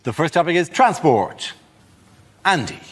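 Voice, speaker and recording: A man hosting a panel show, briskly thanking comics and announcing topics. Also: a little high, big pitch swings. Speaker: host. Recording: studio with loud audience noise.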